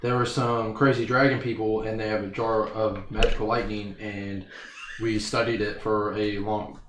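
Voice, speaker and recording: Guy with a lowish voice rambling through a game explanation, echoey room. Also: level tone, fairly bright tone. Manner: halting, restarting explanations. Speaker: player. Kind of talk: casual tabletop play. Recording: echoey room, faint noise.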